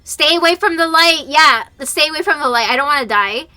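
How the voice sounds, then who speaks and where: A woman's voice: high-pitched, expressive, brisk, pushed and bright. A young woman streaming a dating game, reading its text aloud and joking about it in a playful way.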